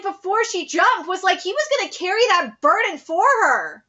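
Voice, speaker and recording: A woman's voice: very high-pitched, big pitch swings, normal speed, sharp tone, highs cut off. A young woman hosting a live reaction to a manga chapter, talking casually and chattily with lots of slang and fillers.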